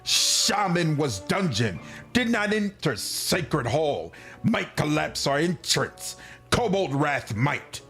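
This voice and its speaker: A man's voice: a little high, big pitch swings, slow, fairly bright tone, faint music behind, full character voice. A man playing a blustering kobold chief. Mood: indignant. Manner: broken pidgin speech, blustering. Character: proud small male kobold chief.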